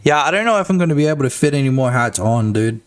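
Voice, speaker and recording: A man's voice: medium pitch, expressive, fast. A young man streaming his game development live, talking crudely and jokily in rambling bursts full of filler tags. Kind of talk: casual live-stream chat.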